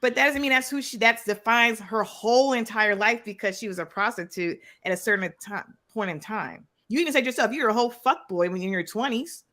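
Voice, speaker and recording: Bright-voiced woman, firm in debate. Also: fairly high pitch, fairly quick, few pauses. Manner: firm, insists on finishing her point. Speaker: call-in guest. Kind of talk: heated debate.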